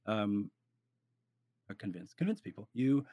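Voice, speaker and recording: A man in casual podcast chat giving roleplay advice, rambling and animated, with frequent restarts. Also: on the low side, measured pace, no echo, studio quality.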